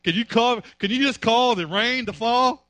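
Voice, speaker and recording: A stern, all-powerful deity played by a preacher fires off challenging questions. His high voice is forceful and sharp, and the sound is dry and close. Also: normal speed, dry recording. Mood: commanding. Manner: commanding, rhetorical questioning.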